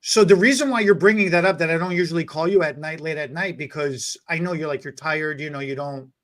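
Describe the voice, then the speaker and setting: A man hosting a podcast, telling a story in a casual, animated, rambling way. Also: on the high side, fairly quick. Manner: animated, rambling, many fillers and restarts. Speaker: podcast host.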